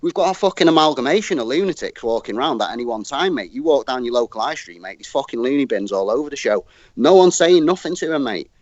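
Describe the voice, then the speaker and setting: A man's voice: mid-range voice, animated, fast talker, no echo. A man with a Northern English accent, talking bluntly in heated casual chat, swearing and saying "mate" constantly. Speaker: guest debater. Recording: dull lo-fi dry audio.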